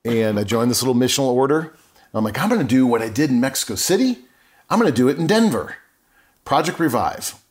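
A middle-aged man, a podcast guest, telling his life story in an earnest, emotional way and often correcting himself mid-sentence. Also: mid-range voice. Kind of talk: candid personal storytelling.

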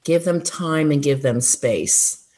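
A woman who worked as a school counselor, giving earnest, encouraging advice in a relaxed interview, with frequent fillers. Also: low voice, takes it slowly. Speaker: former school counselor, guest. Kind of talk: conversational interview answers.

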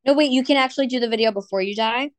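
A woman's voice: fairly high pitch, racing, no room sound. A woman, co-hosting a podcast in laid-back chat and laughing often. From New Jersey. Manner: laughs often, casual, says "like" a lot. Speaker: podcast co-host. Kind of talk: casual chat.

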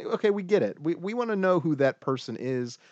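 A man's voice: a little high, lively intonation, a little fast, a little mellow, no echo, lo-fi sound. A man co-hosting a casual gaming podcast, laid-back and laughing often. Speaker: podcast co-host. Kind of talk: casual chat.

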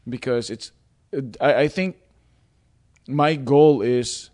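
A man's voice: mid-range voice, takes it slowly, long pauses, a little mellow, dry recording, clean studio sound. A man from the Philippines with a Filipino accent, speaking English as a second language, chatting casually as a guest with many restarts and laughs. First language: not English. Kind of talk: casual chat.

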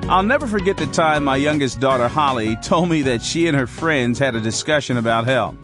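A man's voice: mid-range voice, lively intonation, brisk, music in the background. A middle-aged man giving a short devotional sermon, earnest and urgent, repeating words for emphasis. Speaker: pastor.

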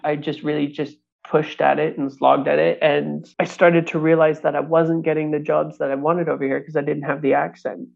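A Canadian actor in his thirties tells his career story in an easy, chatty way, jumping into the voices of the people he quotes. His voice is gravelly and sits a little high. The sound is thin and phone-like. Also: a little fast, hardly any pauses. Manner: animated, acts out quoted voices, laughs often. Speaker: actor and puppeteer. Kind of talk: casual storytelling interview.

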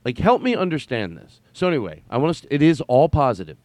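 A man's voice: medium pitch, very animated, quick pace, a little mellow, no room sound. A man hosting a podcast, talking in a rambling, emphatic way with some swearing. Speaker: podcast host. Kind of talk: casual chat.

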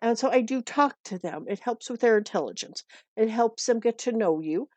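A woman's voice: on the high side, animated, moderate pace, a little mellow, dry recording. A middle-aged woman from the United States giving dog-walking and pet tips in a chatty, earnest way that often repeats itself. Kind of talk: casual advice talk.

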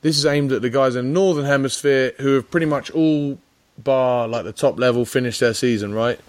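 A man's voice: medium pitch, a little fast. Teasing, rambling male podcast host. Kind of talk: casual podcast chat.

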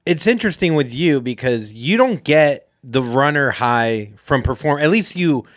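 A man's voice: medium pitch, expressive, moderate pace, dry recording, studio quality. A man co-hosting a podcast, speaking in a thoughtful, hesitant way and answering with short, supportive interjections. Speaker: podcast co-host. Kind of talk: casual chat.

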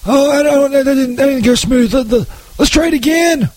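High-voiced stammering comic sidekick man. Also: moderate pace, darkish tone, slight background noise. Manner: stammering, profane, boastful. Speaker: comedy sidekick. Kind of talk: comedy radio bit.

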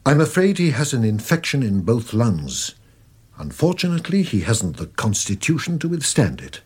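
A man playing a calm, formal doctor in a vintage radio drama, measured, courteous and sombre. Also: mid-range voice, husky. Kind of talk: 1940s radio acting.

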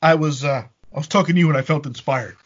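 A man's voice: fairly high pitch, quick pace, highs cut off, slight background noise. A man co-hosting a casual chat over a video call, boastful, teasing and profane.

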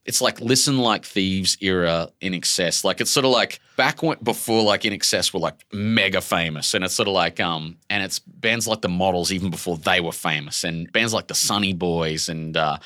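An Australian man in his forties, an author talking openly and emotionally in a relaxed interview, animated and full of casual slang. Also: sits low, normal speed, hardly any pauses, dry recording, studio quality. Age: 40s. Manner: emotional, animated storyteller, laid-back slang. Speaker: author guest.

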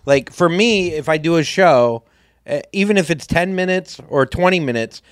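Lively joking man on a podcast. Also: on the high side, moderate pace, no echo, clean studio sound. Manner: lively, joking, trails off mid-sentence. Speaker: podcast co-host. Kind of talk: casual chat.

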